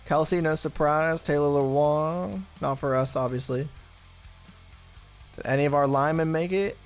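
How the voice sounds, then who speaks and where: A man's voice: fairly high pitch, fairly even intonation, normal speed, faint music behind. A man commentating his own football video game play in a casual, chatty way, thinking aloud with blunt asides. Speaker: gaming channel host.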